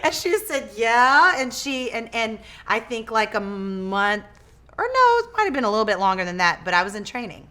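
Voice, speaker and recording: A woman guest in a casual interview, telling her story in a lively way, acting out quoted dialogue and often restarting her words. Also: mid-range voice, moderate pace. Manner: animated, acts out quoted dialogue. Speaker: interview guest, business owner.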